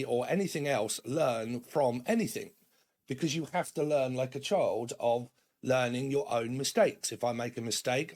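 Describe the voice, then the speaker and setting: A man from Britain with a gravelly edge in his speech, reading tarot cards in a loose, rambling monologue. He checks in with listeners through "okay" and "right" and briefly mimics other people's lines in quotes. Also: mid-range voice, a little mellow. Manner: rambling, frequent okay and right tags, puts on quick quoted voices. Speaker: tarot reader.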